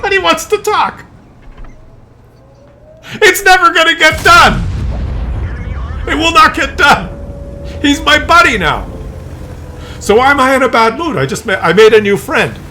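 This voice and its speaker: A man vlogging, telling a comic story to camera in an exasperated, animated way with many restarts. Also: very high voice, a little slow, long pauses, a little hiss or hum.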